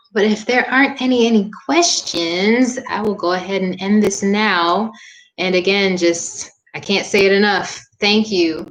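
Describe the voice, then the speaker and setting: A young woman yoga instructor wrapping up a live-streamed class, talking in a warm, earnest and chatty way with frequent "um" fillers. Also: medium pitch, a little slow. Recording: echoey room.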